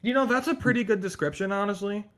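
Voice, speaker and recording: A man in casual chat, excitedly explaining game lore, swearing and going on tangents. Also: sits high, fast.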